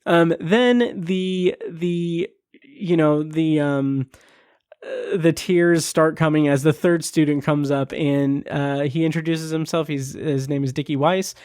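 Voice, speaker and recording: A man's voice: fairly high pitch, fairly even intonation, takes it slowly, a little mellow, smooth, no echo, studio quality. A man hosting a podcast review, talking in a casual, gushing way, teary-eyed and holding back tears. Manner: emotional, gushing, many fillers. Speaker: podcast host reviewing an episode.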